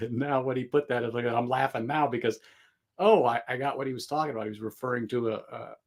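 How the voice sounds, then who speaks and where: A man's voice: medium pitch, steady tone, a little fast. A man hosting a casual livestream chat, rambling with many fillers and restarts and laughing often. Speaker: livestream host.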